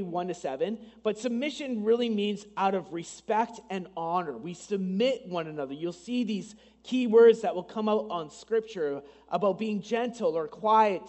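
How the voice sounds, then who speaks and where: A man with a noticeably high voice delivers a Sunday sermon from the pulpit. He keeps it conversational, slipping in asides and acting out little bits of dialogue. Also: big-room sound. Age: adult, married. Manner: conversational preaching with asides and dramatized quotes. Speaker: pastor.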